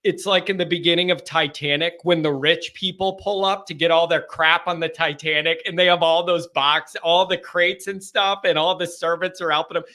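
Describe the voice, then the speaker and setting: A man hosting a call-in show from his basement, chatting casually with animated, joking banter. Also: a little high, normal speed, few pauses. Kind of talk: casual chat.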